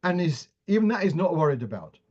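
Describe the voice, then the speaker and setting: A rabbi teaches a class on Torah law, his voice pitched a little higher than most men's. He reads Hebrew and Aramaic passages aloud, translates them, and often stops and restarts to make a point clearer. The sound is dull and lo-fi. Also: big pitch swings, fast talker, darkish tone. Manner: explanatory, with frequent restarts.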